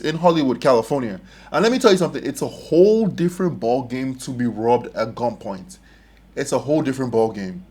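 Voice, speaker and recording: A man's voice: medium pitch, a little mellow. A young man hosting a casual reaction video, telling stories emphatically and laughing often.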